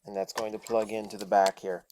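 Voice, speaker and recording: A man's voice: on the low side, level tone, brisk, darkish tone, a little hiss or hum. A man casually reviewing a toy, chatting and thinking aloud as he transforms it step by step.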